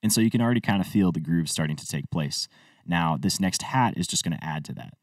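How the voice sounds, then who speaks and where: A man with a low voice walks through a music tutorial in an easygoing, step-by-step manner. The sound is dry, with little room to it. He sits a little back from the microphone. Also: expressive, fast, no echo, far from the mic. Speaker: music producer teaching a tutorial. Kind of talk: screen-recorded tutorial walkthrough.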